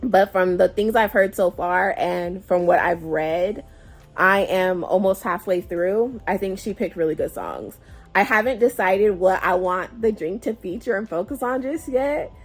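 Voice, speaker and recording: A woman talks through a novel in a loose, chatty vlog, reacting emotionally and sighing often. Her voice sits at an ordinary middle pitch. Faint music plays quietly underneath. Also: measured pace. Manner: chatty and emotive, with frequent sighs. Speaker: book club vlogger. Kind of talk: casual book discussion.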